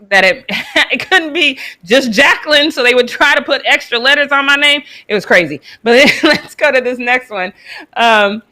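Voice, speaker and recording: A woman's voice: a little high, bright, forceful tone. A woman from the United States hosting a live sports talk show, chatting casually and laughing as she reacts to clips. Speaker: host. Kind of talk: casual commentary on sports news.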